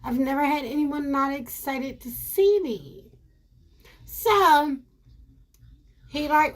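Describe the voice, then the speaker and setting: A woman telling her viewers a personal story in a casual, animated way, repeating herself and calling them y'all. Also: sits high, slow, pauses often.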